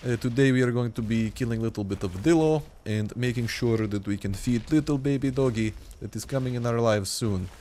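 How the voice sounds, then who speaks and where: A man's voice: fairly low pitch, fairly even intonation, fairly quick, few pauses, warm tone, a little hiss or hum, natural voice. A man voicing a jokey comrade figure with a put-on Russian accent and clipped, broken grammar. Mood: mock-formal.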